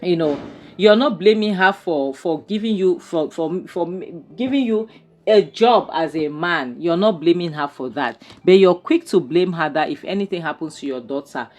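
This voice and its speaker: This female movie reviewer has a lowish, slightly mellow voice with lively intonation. She rushes through her casual recap of a film episode, exasperated and leaning on fillers like "um" and "you know."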